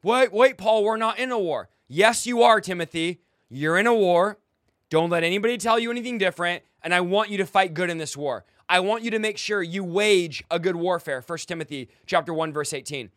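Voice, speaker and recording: A man's voice: high-pitched, brisk, a bit bright, no echo, clean studio sound. A young man preaching a fiery, confrontational sermon, mocking his critics and commanding listeners to fight. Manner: exhorting, commanding.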